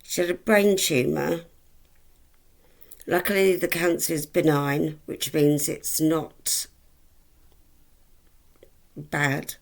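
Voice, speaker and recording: Woman in her forties, deep voice, slow and halting, lots of ums, affectionate vlog chat. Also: fairly even intonation, creaky. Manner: rambling, hesitant, full of ums, affectionate. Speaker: vlogger. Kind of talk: casual chat to camera.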